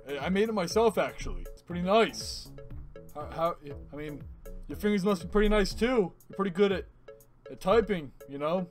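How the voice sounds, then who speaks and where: A man hosting his own video channel, chatting with strangers online in a playful, teasing, mock-deadpan way. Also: on the high side. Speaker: YouTube host chatting with strangers. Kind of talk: casual joking video chat.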